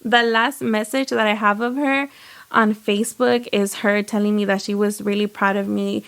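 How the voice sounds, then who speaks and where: A young woman from Texas telling a story in casual chat, animated and quoting people, with lots of "like". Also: mid-range voice, normal speed, gravelly. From United States. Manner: animated, lots of "like" and quoted dialogue. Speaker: guest, home baker and business owner.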